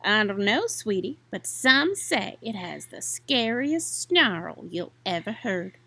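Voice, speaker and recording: Storybook mother possum, soft-spoken and protective, voiced by a woman, slow and husky. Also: medium pitch, big pitch swings, no echo, exaggerated voice. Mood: soothing. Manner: soft, soothing warnings. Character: gentle, cautious mother possum.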